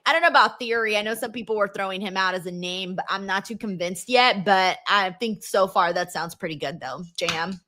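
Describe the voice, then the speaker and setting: A woman's voice: mid-range voice, a little fast, hardly any pauses, pushed and bright. A woman hosting a casual live stream, reading viewer comments aloud and reacting with emotional, swearing chatter. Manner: emotional, swears, reads chat messages aloud.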